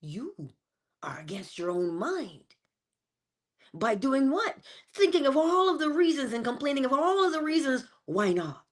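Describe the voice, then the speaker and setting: A woman giving a motivational morning talk, animated and playful, with chatty asides. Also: high-pitched, a little slow. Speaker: inspirational speaker.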